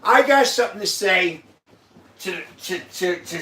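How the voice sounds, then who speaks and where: A man's voice: sits high, expressive, measured pace, bright, forceful tone. A man hosting a casual chat, emotional, profane and insistently repeating himself. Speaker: host. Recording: echoey room, mic at a distance.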